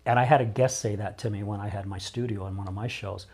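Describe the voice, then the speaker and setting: Low-voiced middle-aged man, candid and emotional. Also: steady tone, fast talker, darkish tone. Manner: emotional, open, rambling with repeated starts. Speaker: podcast guest, recovery coach. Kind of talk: candid interview conversation.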